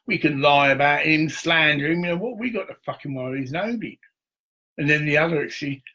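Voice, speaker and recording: A man's voice: on the high side, brisk, sharp tone. A man talking into his camera on a live stream. He rambles in an aggrieved, profane way and reads viewer comments as he goes. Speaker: livestreamer.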